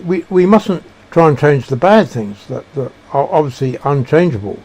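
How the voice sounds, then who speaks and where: A man giving a reflective monologue, halting and searching for words with frequent restarts. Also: on the high side, animated, a little mellow, breathy edge. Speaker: speaker sharing personal beliefs.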